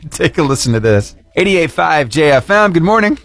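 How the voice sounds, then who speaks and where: A man's voice: fairly high pitch, sing-song, normal speed, fairly bright tone, soft background music. A man hosting a morning radio show, goofy and upbeat, laughing often as he chats with a caller. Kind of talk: casual radio chat with a caller. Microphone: studio microphone.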